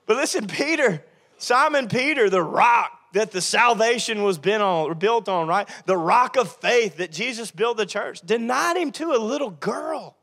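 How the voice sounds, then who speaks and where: Pastor, high male voice, animated preaching with comic asides. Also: normal speed. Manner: animated, acts out Bible figures in funny voices. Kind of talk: sermon. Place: church sanctuary.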